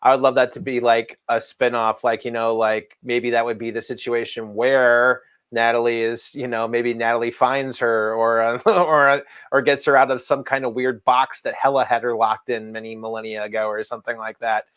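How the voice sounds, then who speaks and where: Dude rambling about comics, lots of restarts and laughs, casual live show chat. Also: male voice, mid-range voice, level tone, normal speed, few pauses, fairly bright tone, clear, resonant tone. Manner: rambling, self-correcting, laughs often. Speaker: co-host of a comic book show.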